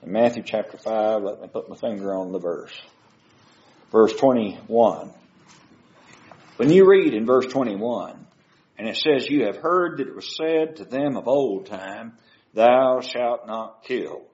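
A man's voice: lowish voice, animated, moderate pace, darkish tone, lo-fi sound. Man preaching in a roomy space. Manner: asks the audience many questions. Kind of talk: sermon.

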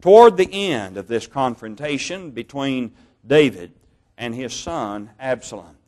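A man preaching a sermon, reading Bible passages in a measured way, slowing down on key words and correcting his own slips. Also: mid-range voice, expressive, a little mellow. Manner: measured, slow over key words, stumbles on names and corrects himself.

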